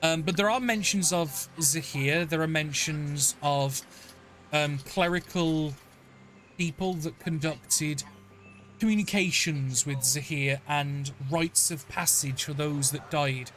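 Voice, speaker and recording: Rambling male dungeon master, slightly high. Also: takes it slowly, fairly bright tone. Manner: rambling, many fillers and restarts. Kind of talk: narrating a tabletop game. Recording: faint background noise.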